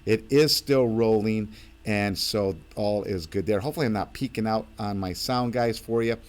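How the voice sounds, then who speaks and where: A man's voice: fairly low pitch, normal speed, a little mellow. Rambling, chatty male live-streamer. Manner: rambling, full of fillers and restarts. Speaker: host of his own channel. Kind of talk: live-stream casual chat.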